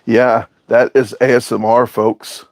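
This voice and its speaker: A man with a gravelly, creaky voice chats loosely through a livestream, joking around as he reads out comments from viewers. His voice sounds close and dry, with almost no room around it. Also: mid-range voice, flat delivery, measured pace, no echo, low-quality recording. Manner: rambling, jokey, reads viewer comments aloud. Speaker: livestream host reading chat. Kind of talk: casual livestream chat.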